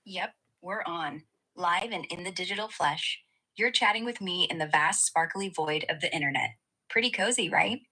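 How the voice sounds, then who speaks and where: A synthetic woman's voice acting as a chat assistant, giving playful, breezy, slangy replies full of flattery. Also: on the low side, normal speed, husky, poor audio. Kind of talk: upbeat conversational replies.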